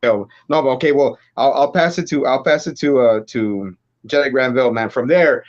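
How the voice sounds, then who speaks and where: A man's voice: medium pitch, normal speed, highs cut off. A man hosting a podcast, chatting casually and profanely as he retells an anime episode with many restarts. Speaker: podcast host. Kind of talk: casual chat recapping an anime.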